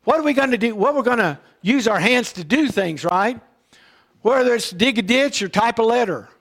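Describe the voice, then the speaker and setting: A high-pitched man delivers a Sunday sermon from the pulpit. He teaches in a loose, conversational way, stopping often to check in with his listeners. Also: animated, normal speed, a bit bright. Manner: conversational preaching with frequent "all right?" check-ins. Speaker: pastor. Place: church.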